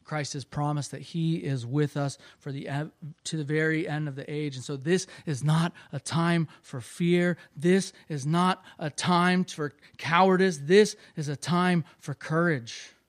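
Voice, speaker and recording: A man's voice: on the high side, steady tone, unhurried, no echo, clean studio sound. A man preaching a sermon as pastor, earnest and storytelling. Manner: earnest, storytelling, with restarts and fillers.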